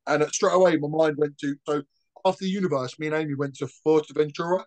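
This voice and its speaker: A man's voice: fairly high pitch, steady tone, quick pace, low-quality recording. Blunt man, casual swearing. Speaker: podcast co-host. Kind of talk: casual chat.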